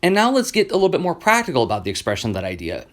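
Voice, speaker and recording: A man's voice: on the high side, huge pitch swings, rapid-fire. Man, 40s, solo podcast host: earnest, reflective, rambling delivery with lots of fillers and restarts. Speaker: comic creator and podcast host.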